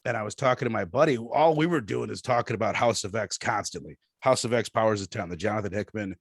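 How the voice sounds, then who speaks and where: A man's voice: fairly low pitch, fast talker, breathy edge, dry recording, clean studio sound. A man chatting casually as a podcast guest, rambling and often restarting his sentences.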